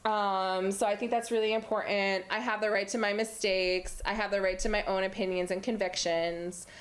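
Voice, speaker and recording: A woman's voice: mid-range voice, fairly even intonation, moderate pace. A young woman hosting a community TV talk show, talking on her own in a playful, chatty way with many fillers. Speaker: host. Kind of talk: solo talk-show monologue. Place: community TV studio.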